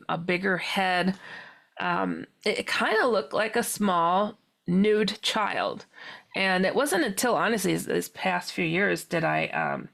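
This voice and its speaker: Gravelly-voiced woman telling an animated story. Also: mid-range voice. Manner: acts out dialogue with quick quotes and laughs. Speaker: paranormal author and guest.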